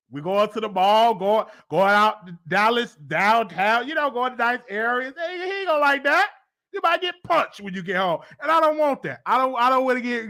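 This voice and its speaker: Bright animated man hosting a livestream. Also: sits high. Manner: animated, teasing, repeats himself, slangy. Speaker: host. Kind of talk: casual livestream chat.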